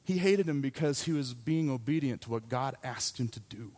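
A man's voice: mid-range voice, expressive, moderate pace, a little mellow. Pastor, man in his thirties, delivers a sermon in a frank, chatty storytelling manner. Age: 30s. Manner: candid, conversational storytelling.

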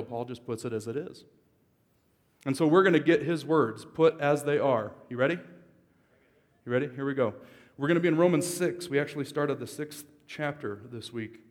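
Pastor, male, mid-pitched, preaches casually with jokes and sudden loud emphasis; sanctuary echo. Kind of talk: sermon. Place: church service. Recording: long reverb of a large hall.

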